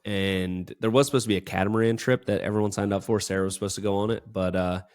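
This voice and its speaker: A young man with a somewhat low voice chats casually on a podcast. He tells a long story in a rambling way, full of fillers and restarts. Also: fairly even intonation, fast talker, darkish tone, clean tone. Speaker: podcast co-host. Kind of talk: casual chat.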